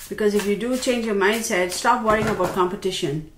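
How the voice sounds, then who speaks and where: A woman gives a casual tarot reading and talks straight to her viewers in a chatty, expressive way. Her voice sits at an ordinary middle pitch. The recording sounds roomy, with a faint hiss behind her. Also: fairly quick. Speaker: tarot reader. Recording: roomy with faint background noise.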